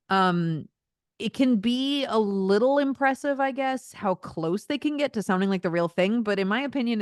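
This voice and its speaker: A woman's voice: mid-range voice, dry recording, clean studio sound. A woman voice actor giving a candid, earnest interview answer, with many fillers and small laughs. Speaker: voice actor guest.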